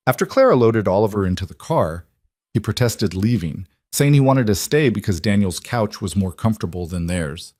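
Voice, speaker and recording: A man narrating a scripted drama story in an even, measured way. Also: fairly low pitch, no echo, studio quality.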